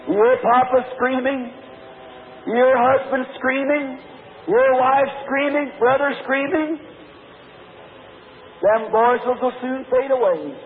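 A man's voice: very high-pitched, slight background noise. A middle-aged man preaching an altar call in a large church, pleading in a rhythmic, repetitive way. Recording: tinny lo-fi old sermon tape.

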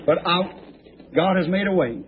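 A man preaching to a church congregation, his voice sitting a little higher than most men's. He talks in a folksy, rambling, homespun way and sometimes breaks into high, excited shouts. The old tape makes the sound dull, with a faint hiss behind it. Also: moderate pace. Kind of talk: folksy storytelling sermon.

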